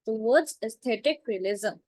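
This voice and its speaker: A woman teaching literature terms, repeating each point slowly and checking with "right?" and "clear?". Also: on the high side, animated, a little mellow, dry recording, rough recording. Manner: slow, repetitive, checks understanding with "right?" and "clear?". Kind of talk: classroom lecture.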